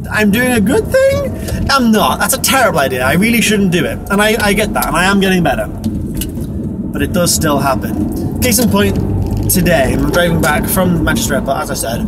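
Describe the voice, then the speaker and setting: A young man vlogging from his car, rambling and self-deprecating, with casual swearing. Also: fairly high pitch. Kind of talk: casual driving vlog monologue. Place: inside a car while driving. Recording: car interior with road noise.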